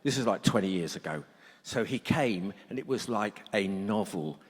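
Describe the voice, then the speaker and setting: A man's voice: fairly low pitch, expressive, normal speed, husky. Middle-aged guy, blunt jokey storyteller, voice ringing round a big hall. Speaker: speaker at a recovery workshop. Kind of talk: humorous talk to an audience. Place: conference hall. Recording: long hall reverb.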